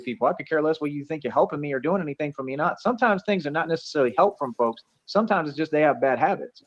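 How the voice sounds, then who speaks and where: A man's voice: a little high, expressive, very fast, highs cut off. A man ranting in a rambling, boastful, accusatory way on a livestream, repeating himself as he goes. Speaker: streamer being reviewed.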